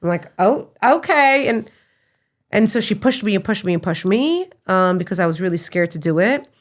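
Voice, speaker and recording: A middle-aged woman, a podcast guest, telling personal stories in a casual, animated way that breaks into laughter. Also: fairly low pitch, a little fast. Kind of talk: casual conversational storytelling.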